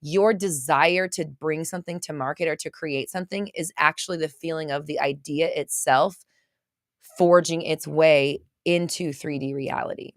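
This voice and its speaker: Gushing, excitable woman on a livestream. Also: low-pitched, moderate pace, no room sound, studio quality. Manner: gushing and excitable, swearing casually. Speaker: host of a mindset livestream. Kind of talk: casual livestream talk to viewers.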